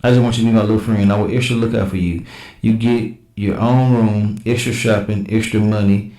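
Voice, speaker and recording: A man with a lowish, mellow voice hosts a casual reaction show, reading text messages aloud in a plain back-and-forth and cutting in with blunt, slangy remarks. The sound carries an echoey room ring. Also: fairly even intonation, a little fast. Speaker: reaction channel host.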